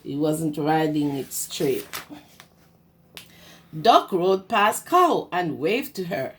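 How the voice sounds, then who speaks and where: A woman preschool teacher reading a picture book aloud to young children in a slow, sing-song storytelling way. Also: low-pitched, very animated.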